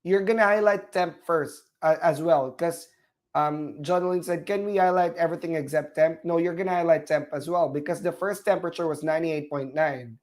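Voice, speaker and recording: A man's voice: on the high side, fairly quick. Filipino man teaching a live nursing class. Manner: repetitive, checks in often with "all right?", apologetic about corrections. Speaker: nursing exam instructor. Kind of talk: live online class, walking through a case study.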